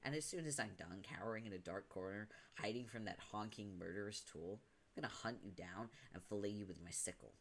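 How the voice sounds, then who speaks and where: A foul-mouthed teenage troll boy, as a man reads him aloud from a webcomic, rants and hurls insults in a lowish voice. His temper never cools. Each line is a furious jab. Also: fairly quick, a bit bright. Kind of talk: dramatic reading of a webcomic.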